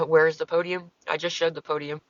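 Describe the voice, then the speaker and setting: A woman's voice: low voice, flat delivery, moderate pace, dry recording, lo-fi sound. A woman talking casually on her livestream, answering comments in a profane, exasperated, rambling way.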